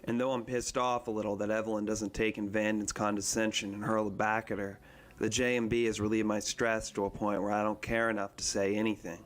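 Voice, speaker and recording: A man reading a first-person novel aloud in a steady, even manner. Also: lowish voice, brisk. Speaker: reader.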